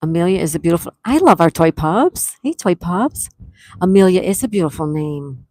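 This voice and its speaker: A woman hosting a casual live-stream trivia game, greeting viewers by name, reading their chat replies aloud and repeating questions slowly. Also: on the low side, expressive, mellow, dry recording. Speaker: livestream trivia host.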